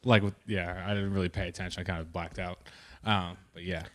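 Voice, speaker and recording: A man's voice: deep voice, little pitch movement, fairly quick, fairly bright tone. A laid-back man, mumbling his way through casual banter on a podcast.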